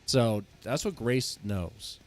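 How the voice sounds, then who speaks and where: A man's voice: medium pitch, lively intonation, takes it slowly, darkish tone, dry recording, soft background music. Rambling male streamer chatting casually. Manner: rambling, restarts often. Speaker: streamer reacting to a debate. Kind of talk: casual live-stream commentary.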